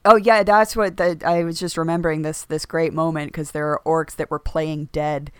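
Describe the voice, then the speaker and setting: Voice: mid-range voice, level tone, normal speed, clear, resonant tone, no echo, clean studio sound. A podcast co-host talking casually about a book, rambling with lots of fillers and restarts.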